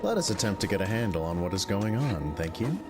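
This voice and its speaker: A male streamer playing a game and talking loosely to his viewers. He rambles and stumbles over his own words, swears casually, and his pitch jumps around animatedly. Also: big pitch swings, a little fast, over music.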